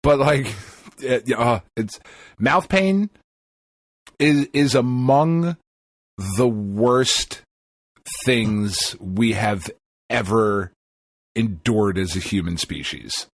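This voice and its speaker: A man's voice: medium pitch, expressive, extremely slow, pauses often, no echo. A man co-hosting a podcast, bantering crudely with frequent swearing. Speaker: podcast co-host. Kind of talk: casual chat.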